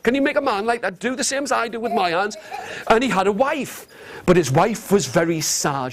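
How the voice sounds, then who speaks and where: Animated high-voiced nursery storyteller man. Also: brisk. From England. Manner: animated, coaxing, interactive. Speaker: children's storyteller. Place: nursery classroom. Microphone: video camera. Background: guitar.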